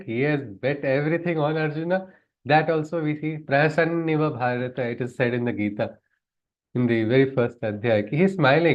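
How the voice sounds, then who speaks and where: A man with a voice on the high side teaches a class on scripture at a moderate pace, conversationally putting questions to his listeners and often chuckling. He is a spiritual teacher giving a lecture, and the recording sounds muffled.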